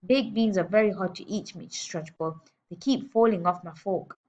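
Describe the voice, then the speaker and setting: A woman's voice: medium pitch, moderate pace, darkish tone, natural voice. A woman reading aloud and voicing a brave, cheeky small schoolboy who answers politely but boldly; dull lo-fi recording.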